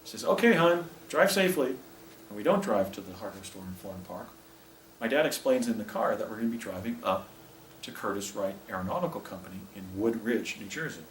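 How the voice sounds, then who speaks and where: A man's voice: lowish voice, far from the mic. Older guy rambling through a story at a talk, lots of restarts, echoey room, faint hiss. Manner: rambling, halting delivery with frequent restarts. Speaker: speaker presenting images to an audience. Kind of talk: recounting a personal story in a talk. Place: presentation room with a projector.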